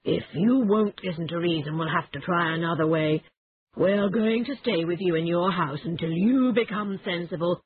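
A woman voicing a stern, measured older male badger in a storybook reading. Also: husky, no echo, narrow, tinny audio. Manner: low, measured and firm.

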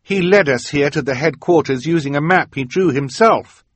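A man's voice: on the high side, normal speed, dry recording, pitched above the performer's own voice, lightly acted. A man doing a fierce young girl. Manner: urgent, fierce cries.

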